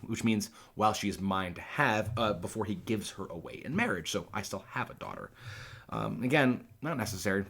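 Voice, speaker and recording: Guy with a lowish voice explaining old plays in plain words, voice jumps all over, recorded himself at home. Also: big pitch swings, a little fast, a bit bright, slightly rough. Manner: paraphrases in plain everyday words, thinking aloud. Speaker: teacher explaining Shakespeare. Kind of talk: casual line-by-line explanation. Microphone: self-recorded on a phone or laptop.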